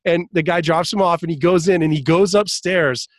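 A man's voice: fairly high pitch, fairly even intonation, normal speed, dry recording. A man in a casual podcast conversation, telling a long story full of restarts and fillers, laughing now and then. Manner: laughs while telling stories.

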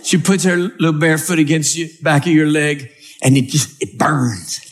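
A man's voice: on the high side, moderate pace. A male preacher giving a humorous sermon to a live church audience, reading scripture and acting out scenes. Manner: animated storytelling, acts out scenes.

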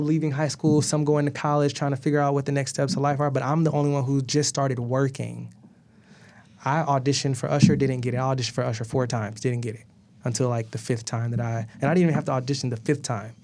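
A man in his thirties, a guest, telling a long story in a casual and animated way, laughing often, swearing, and acting out what others said. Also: mid-range voice. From Atlanta, US.

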